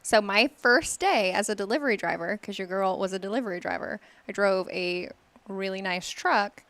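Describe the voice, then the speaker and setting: Female co-host, mid pitch, quick teasing banter, dry close sound. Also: a bit bright, dry recording. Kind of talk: casual chat.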